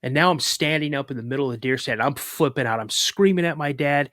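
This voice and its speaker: Male guest, mid-range voice, lively halting storytelling, dry recording. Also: medium pitch, dry recording. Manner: animated retelling with restarts and acted-out quotes. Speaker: podcast guest, cryptid researcher. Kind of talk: casual personal storytelling.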